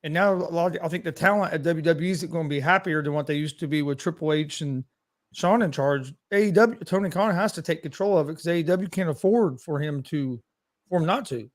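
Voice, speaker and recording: A man's voice: fairly high pitch, fairly quick. A man hosting a sports betting podcast, chatting casually and agreeing with his co-host. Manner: relaxed, agreeable, laughs easily.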